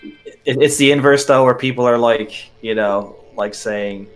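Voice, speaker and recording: A man co-hosts a casual live stream, joking and poking fun at his own mistakes. Game music plays clearly behind him. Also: medium pitch, unhurried. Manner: joking, self-deprecating.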